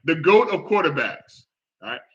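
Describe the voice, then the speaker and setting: A man hosting a casual football talk show, reacting out loud with groans and exclamations as he watches a game. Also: a little high, normal speed, muffled recording. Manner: animated, exclaims and groans at plays. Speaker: sports podcast host.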